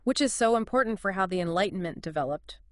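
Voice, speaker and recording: A woman's voice: mid-range voice, expressive, fast talker, no echo, clean studio sound. A woman appearing as the expert guest on a podcast, chatting casually and eagerly chiming in with short reactions.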